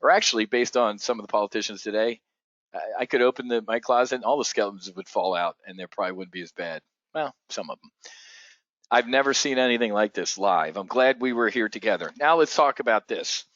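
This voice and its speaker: A man runs a live trading stream, talking bluntly and excitedly with frequent curses. His voice is dry and close, with a slightly dull, muffled tone. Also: fairly low pitch, fairly quick, no echo. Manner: excitable, profane, blunt asides. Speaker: options trading show host. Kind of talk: live market commentary.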